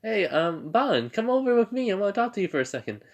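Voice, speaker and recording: A man voicing a hot-tempered, easily flustered teenage girl hero in a fan-made story, pitched up high and bossy. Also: very animated, quick pace. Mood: demanding.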